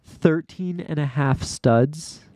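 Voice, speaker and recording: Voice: mid-range voice, slow, warm tone, dry recording. A young adult gamer giving casual let's play commentary, dramatically exasperated and often laughing at their own struggles. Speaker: gamer playing an obstacle course game.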